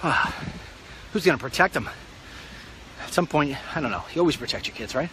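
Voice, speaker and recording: A middle-aged man rambles through a casual outdoor vlog, a little out of breath. His voice is bright and fairly high, and it swings widely as he breaks into excited outbursts. Faint traffic and outdoor ambience sit behind him. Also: a little fast. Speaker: vlogger.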